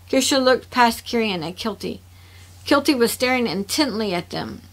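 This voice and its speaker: A woman's voice: on the high side, lively intonation, moderate pace, rough recording. A woman reading her own story aloud, narrating expressively between the dialogue.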